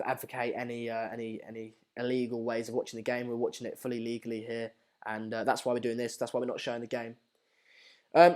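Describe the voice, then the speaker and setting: A young man hosting a live-stream football watchalong, chatting casually and reading viewer comments with plenty of ums and uhs. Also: mid-range voice. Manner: chatty, reads out viewer comments with lots of fillers.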